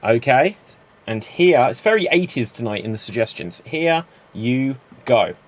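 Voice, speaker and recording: A man's voice: medium pitch, very animated, unhurried. A man hosting an improv comedy show, setting up games and calling time.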